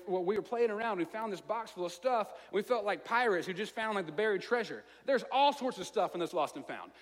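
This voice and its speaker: A man with a Southern American accent preaching a sermon in a conversational, self-mocking way, telling a story with lively asides. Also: high voice. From Alabama, US. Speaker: pastor. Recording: long reverb of a large hall.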